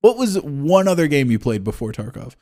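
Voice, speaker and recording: A man's voice: medium pitch, sing-song, a little fast, darkish tone. A man from Florida with a neutral accent, chatting about games at home in a joking, irreverent way, swearing freely and slipping into mock rants. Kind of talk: casual gaming chat.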